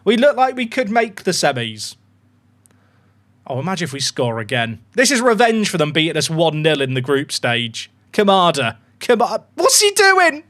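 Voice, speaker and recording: Excitable man streaming a football game. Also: a little high, moderate pace. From England. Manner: excitable, chatty, swears casually. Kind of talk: live gaming commentary.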